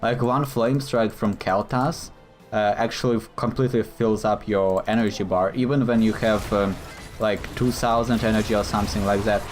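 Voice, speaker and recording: A man's voice: on the low side, fairly even intonation, normal speed, faint music behind. A man giving live commentary over his own gameplay, thinking aloud and explaining his choices in a hesitant, explanatory way.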